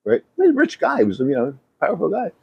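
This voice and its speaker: A man, a former comedy club owner, co-hosting a casual chat and telling animated stories, swearing freely and laughing often. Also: high voice, fast, vocal fry, breathy edge, muffled recording.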